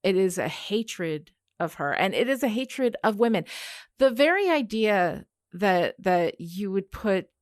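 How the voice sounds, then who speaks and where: A woman's voice: medium pitch, very animated, a little slow, no echo, clean studio sound. A woman co-hosting a podcast in casual chat, emphatic and thoughtful, with many fillers. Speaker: podcast co-host.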